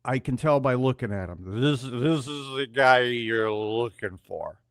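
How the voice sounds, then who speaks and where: A man's voice: mid-range voice, unhurried, dry recording, studio quality, natural voice. A man voicing an insistent drunk man in a shabby suit, who keeps repeating himself emphatically.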